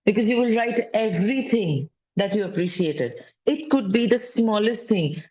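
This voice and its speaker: A woman's voice: mid-range voice, expressive, a little slow, a little mellow. A woman gives a casual spiritual teaching talk as a wellness coach, speaking conversationally and often repeating phrases and adding "right?". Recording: dull lo-fi sound.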